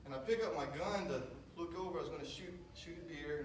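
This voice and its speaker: A man's voice: a little high, racing, few pauses. A man telling a rambling, folksy hunting story at a memorial service, with many fillers. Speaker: son giving a memorial eulogy. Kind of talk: storytelling eulogy. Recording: echoey room from far off, noisy.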